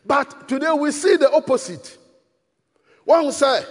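Preaching in a hall with long reverb, a Ghanaian-accented man switches between Twi and English and shouts to drive his points home. He speaks in a very high-pitched voice, a little slowly.

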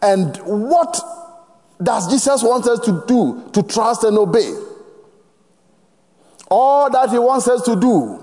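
High-voiced Ghanaian preacher, slow, echoing. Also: male voice, big pitch swings, dark tone. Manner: emphatic, prompts the congregation to finish phrases. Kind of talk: sermon. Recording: long reverb of a large hall.

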